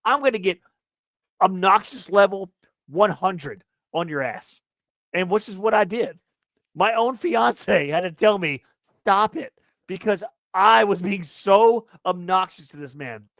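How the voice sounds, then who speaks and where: A young man co-hosting a casual sports podcast, ranting loudly and profanely with a lot of repetition. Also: high-pitched, animated, a little slow, no room sound. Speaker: podcast co-host.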